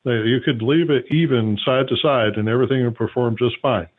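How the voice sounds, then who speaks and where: A man's voice: mid-range voice, fairly even intonation, brisk. A man hosting a call-in show, explaining things at length with many fillers. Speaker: host. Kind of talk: call-in radio talk. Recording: phone-like narrow sound.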